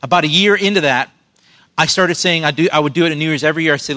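Male pastor, slightly raised pitch, earnest preaching delivery with questions to the congregation. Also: racing, pushed and bright. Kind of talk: sermon.

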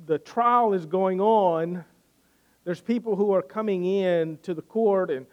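A man preaching in a loose, conversational way, his voice sitting a little higher than most men's. He retells a scripture story and keeps doubling back on his words as he talks. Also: a little slow, a little mellow, dull audio. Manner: conversational, repeats words when restarting. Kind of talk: sermon storytelling.

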